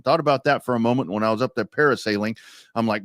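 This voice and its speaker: A man's voice: mid-range voice, quick pace, no echo, clean studio sound. A man co-hosting a sports talk show, telling stories animatedly and reading sponsor ads casually. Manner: animated storyteller, acts out quotes. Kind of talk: casual storytelling chat and live ad reads.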